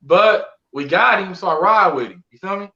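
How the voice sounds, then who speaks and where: A man talking casually on a sports podcast, animated and slangy, with plenty of swearing. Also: high-pitched, moderate pace, gravelly, echoey room, highs cut off, a loud crowd. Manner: animated storyteller, slangy and profane. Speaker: podcast co-host, Colts fan.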